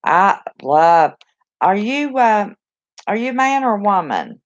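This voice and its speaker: A chatty, excitable woman with a Southern West Virginia accent, hosting a casual live chat from a cluttered bedroom on a phone. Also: medium pitch, takes it slowly, dull audio. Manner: chatty, excitable, talks to viewers and reacts to the chat. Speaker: live stream host.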